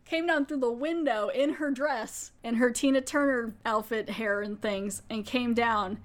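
A woman hosting a podcast, retelling an episode in a casual, animated way and acting out the characters' lines. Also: on the high side, unhurried. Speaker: podcast host.

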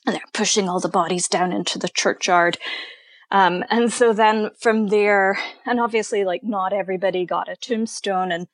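A woman who leads tours talks through her stories in an interview, taking her time and choosing her words with care. Her voice sits at an ordinary middle pitch. The recording is close and dry, with no room sound. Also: steady tone, normal speed, no echo. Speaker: tour guide and guest. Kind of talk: conversational storytelling interview.

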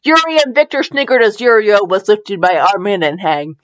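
A woman hosting a fan fiction reading podcast, excitable and giggly, wired on caffeine and prone to laughing tangents. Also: medium pitch, moderate pace, muffled recording. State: wired on caffeine after little sleep. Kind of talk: comedic dramatic reading.

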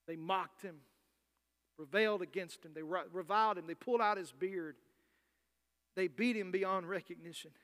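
A man preaching a sermon with passion, acting out Bible figures and swinging from loud to soft. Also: high voice, normal speed, pauses often.

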